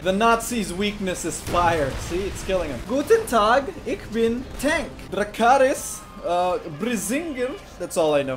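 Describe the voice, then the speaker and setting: A young man with a high, light voice talks over his own gameplay with a joking, sarcastic running commentary. He breaks into sudden yells now and then. Clear background music plays behind him the whole time. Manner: jokey, sarcastic, bursts into shouts. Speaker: gaming YouTuber.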